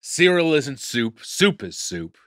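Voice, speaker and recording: A man's voice: mid-range voice, big pitch swings, takes it slowly, fairly bright tone, dry recording, studio quality. A man co-hosting a comedy podcast, talking emphatically with lots of swearing and stumbling restarts. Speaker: podcast co-host. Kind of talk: casual comedic chat.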